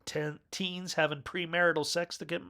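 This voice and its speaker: A man's voice: fairly high pitch, flat delivery, moderate pace, sharp tone. A man giving a casual film review, rambling, correcting himself and chuckling as he goes. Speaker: movie reviewer.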